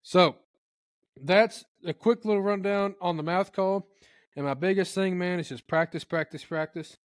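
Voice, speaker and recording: Man, higher-pitched, animated, casual how-to, turkey imitations, dry room. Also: normal speed, no room sound. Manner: animated, acts out turkey sounds in funny voices. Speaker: turkey calling expert guest.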